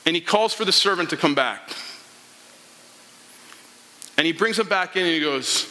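Guy preaching a sermon, acts out the parable, high voice, echoey church hall. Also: animated, moderate pace, pauses often, pushed and bright. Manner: storytelling, acting out the characters' lines. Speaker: pastor. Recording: long hall reverb.

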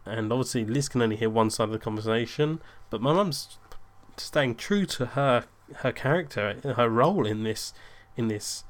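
A man's voice: medium pitch, normal speed, few pauses. Rambling man telling an anecdote. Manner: rambling, self-interrupting, animated in quoted bits. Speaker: storyteller. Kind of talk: casual anecdote.

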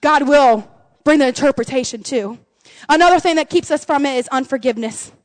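A middle-aged woman pastor preaching an impassioned sermon, swinging between loud cries and hushed, intimate tones. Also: high-pitched, brisk, dry recording.

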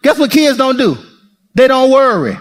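A man preaching a sermon as pastor, playful and lively, laughing often and talking straight to the congregation. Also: very high-pitched, normal speed.

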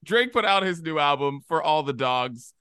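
A man co-hosting a casual podcast, his voice bright and a touch high. He talks animatedly and slips into little impressions of imagined people. The sound is dry and close to the mic. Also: clean tone, no room sound. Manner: animated, mimics imagined people in quick asides. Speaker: podcast co-host.

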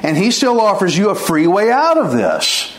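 A man's voice: high voice, wildly swooping pitch, normal speed, slight background noise. A man preaching an informal sermon, earnest and pleading, with folksy chuckles. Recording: echoey room.

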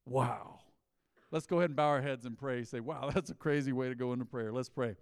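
Animated preaching man, long hall echo. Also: mid-range voice, brisk, creaky, studio quality. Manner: animated preaching, leans on call-and-response with the congregation. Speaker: pastor. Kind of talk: sermon.

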